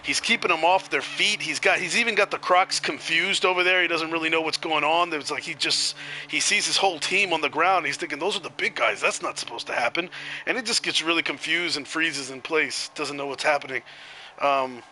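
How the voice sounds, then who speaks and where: Bright-voiced man commentating a video game. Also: a little high, brisk, a little hiss or hum, rough recording. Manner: chatty, laughs easily.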